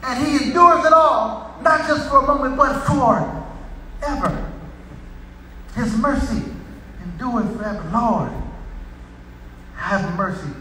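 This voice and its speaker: A man preaching a sermon in a very high, piercingly bright voice. He repeats his lines in rising waves and often breaks into shouts. The sound comes from far off in a big, echoing hall with a long reverb. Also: slow, long pauses, a little hiss or hum. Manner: builds to shouted repetitive crescendos. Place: church sanctuary.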